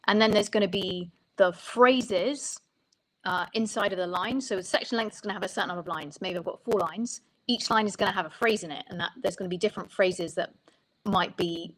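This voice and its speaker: A woman songwriting coach talks through her ideas as an interview guest. Her voice sits at a middle pitch, and she explains thoughtfully, often restarting a phrase before she finishes it. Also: low-quality recording.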